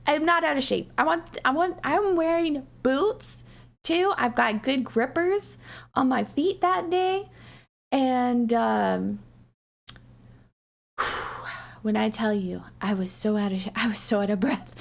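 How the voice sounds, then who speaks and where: A woman's voice: a little slow, vocal fry. A woman streamer telling a long hiking story in casual chat, rambling with lots of fillers and acting out her friends' lines. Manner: animated, rambling, lots of "like" and "you know"; acts out what friends said with sudden high-pitched swoops.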